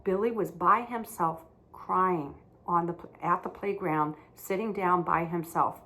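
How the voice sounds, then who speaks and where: A woman teaching young children, speaking gently, with simple, repeated words. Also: lowish voice, unhurried.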